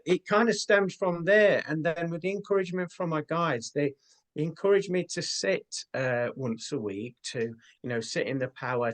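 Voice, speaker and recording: A man talking as an interview guest and spiritual medium, telling his experiences in an earnest, unhurried way with many fillers. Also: on the high side. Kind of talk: casual interview talk.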